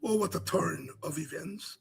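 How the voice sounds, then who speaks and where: A Guyanese man hosting a political commentary program, speaking in an impassioned, preaching cadence that rises to cries and shouts. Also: fairly high pitch, lively intonation, moderate pace, gravelly, husky.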